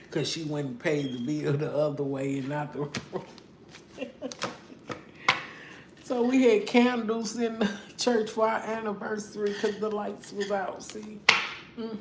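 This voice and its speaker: Middle-aged woman, tarot reader, slow and blunt, cusses and laughs, roomy echo. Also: medium pitch, steady tone. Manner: blunt, profane, laughs often. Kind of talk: casual tarot reading monologue. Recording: echoey room with faint noise.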